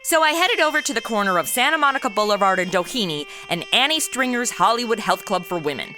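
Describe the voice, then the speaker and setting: A woman's voice: mid-range voice, lively intonation, fast talker, over music. A young woman with a sarcastic, wisecracking modern manner, narrating and playing the lead in a comedy audio drama.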